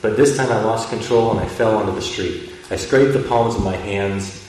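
A man's voice: lowish voice, normal speed, a little mellow, slight background noise. A man teaching and reading a children's book aloud, speaking in a friendly, plain way. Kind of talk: read-aloud storytelling. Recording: echoey room from a distant mic.

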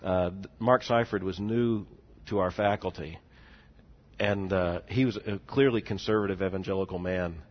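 A man in his forties, a seminary president, telling a story in a speech, swinging between hushed and loud with laughing asides. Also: sits low. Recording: dull lo-fi recording.

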